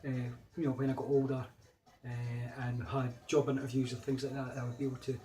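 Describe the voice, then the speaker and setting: Speaking a little fast with flat delivery, this Scottish vlogger has a mellow, medium-pitched voice. The middle-aged man rambles casually through personal stories and grows emphatic recounting past arguments.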